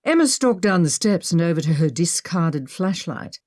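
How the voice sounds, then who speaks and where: A woman reading an adventure audiobook as narrator, with expressive storytelling. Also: on the low side, moderate pace, no room sound, clean studio sound.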